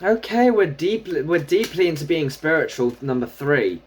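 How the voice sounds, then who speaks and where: Brief: tarot reader, mid-pitched, casual and chatty, muses aloud over each card. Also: normal speed, slight background noise. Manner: chatty, thinking aloud while drawing cards. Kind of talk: casual solo tarot reading.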